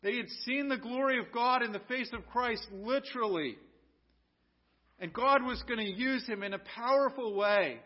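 A man's voice: very high voice, moderate pace. An American man and pastor preaching a sermon earnestly, asking rhetorical questions and often restarting his sentences. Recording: dull lo-fi recording.

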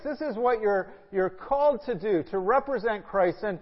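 A male pastor reading scripture aloud and then preaching a sermon in an earnest, measured way, with frequent filler sounds. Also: high-pitched. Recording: echoey hall, dull lo-fi sound.

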